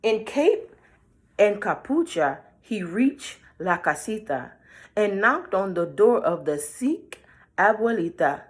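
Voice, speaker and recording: A woman's voice: medium pitch, big pitch swings, slow. A woman reading a picture book aloud and chatting playfully to the listener about the pictures. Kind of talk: read-aloud with chatty commentary.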